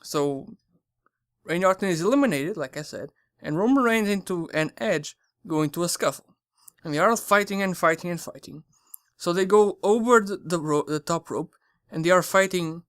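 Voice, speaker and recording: A channel host giving a casual spoken review, rambling and excitable, often stumbling and correcting their words. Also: mid-range voice, normal speed, smooth, dry recording, clean studio sound.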